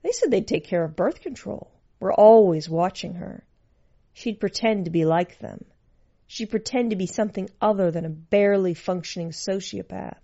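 A woman reading a story aloud, narrating in an expressive, dynamic way. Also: mid-range voice, normal speed. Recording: muffled lo-fi recording.

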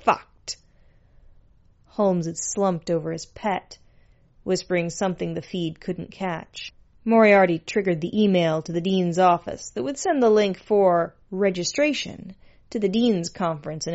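A woman's voice: on the low side, creaky, darkish tone, highs cut off. A woman narrating a story in a dry, sardonic manner.

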